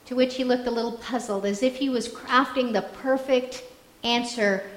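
A woman pastor delivering a sermon, pitched a little high and speaking in an earnest, reflective storytelling way. Her voice rings out in an echoey church room. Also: fairly even intonation, normal speed.

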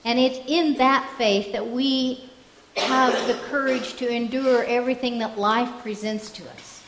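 A woman's voice: fairly high pitch, fairly even intonation, measured pace, roomy sound, in a large hall, noisy background. A woman pastor telling a story during a sermon, reflective and earnest.

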